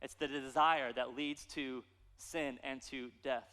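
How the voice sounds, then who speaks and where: A man, a pastor preaching a sermon with animated, playful storytelling. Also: mid-range voice, slow pace, big-room sound.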